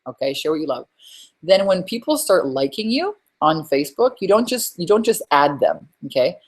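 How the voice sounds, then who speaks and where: A woman hosting a live webinar from home as a business coach, talking in an energetic, rambling, emphatic way. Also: low-pitched, normal speed, husky.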